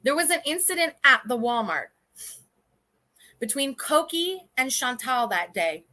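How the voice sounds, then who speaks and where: Bright high-voiced blunt woman streamer. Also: sing-song, a little slow. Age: 30s. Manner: blunt, profane and indignant, rambling with restarts. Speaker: livestream host. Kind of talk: casual livestream commentary.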